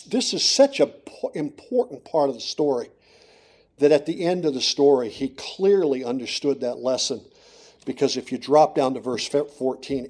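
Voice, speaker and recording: A middle-aged man with a medium-pitched voice preaches a sermon, shifting from quiet storytelling into loud, emphatic declarations.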